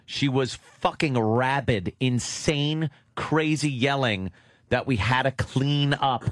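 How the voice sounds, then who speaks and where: A man hosting a radio talk show, telling childhood stories in casual banter and slipping into shrill voices for people in them. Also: slow, no echo, clean studio sound. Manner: animated storyteller doing shrill mimicking voices.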